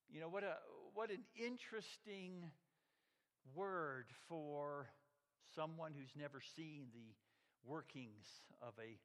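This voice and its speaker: Man, pastor delivering a sermon; unhurried, emphatic, drops to hushed tones; big reverberant room. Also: a little high. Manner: slow, emphatic preaching that drops to a near whisper.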